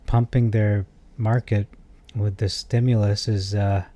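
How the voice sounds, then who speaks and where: A man's voice: lowish voice, a little slow, no echo. A man hosting a stock market video, talking casually through numbers and reading viewer comments with exasperated asides. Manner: animated, exasperated asides, thinks aloud with fillers.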